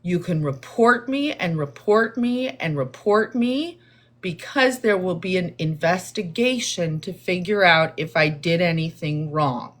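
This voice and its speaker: A woman talking slowly and deliberately to her livestream viewers, in a calm, measured tone that she says viewers hear as condescending. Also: lowish voice. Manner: deliberate, therapist-like, calm and explanatory. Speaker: livestream host responding to chat. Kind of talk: slow, measured live-stream talk to viewers.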